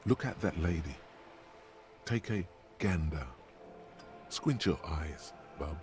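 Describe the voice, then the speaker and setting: A man's voice: extremely low pitch, expressive, slow pace, over music, full character voice. An actor playing a wry, mocking male narrator in a video game, describing scenes in a dry, sardonic way.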